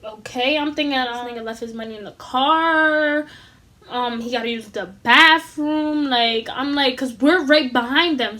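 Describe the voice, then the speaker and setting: A young adult woman telling an animated, slangy storytime with lots of swearing, acting out the lines of the people in it. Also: high-pitched. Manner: acts out dialogue in quoted voices. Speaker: vlogger. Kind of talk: casual storytime.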